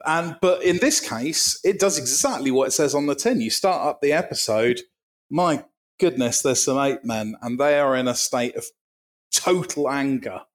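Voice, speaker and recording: A man co-hosting a podcast, chatting casually with a dry, deadpan delivery and vivid, gory descriptions. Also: mid-range voice, normal speed. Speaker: podcast co-host. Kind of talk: casual comedic chat.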